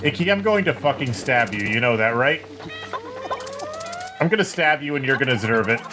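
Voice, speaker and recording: A man's voice: mid-range voice, animated, brisk, background noise. A man giving let's-play commentary in a profane, joking, rambling way, with game music playing behind him. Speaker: gameplay commentator.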